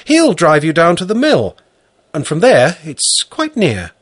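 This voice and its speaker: A man voicing a cheerful, loud farm housewife in a storybook reading. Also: fairly high pitch, wildly swooping pitch, husky, voice pushed up, exaggerated voice. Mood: hearty. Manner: brisk, boisterous calls.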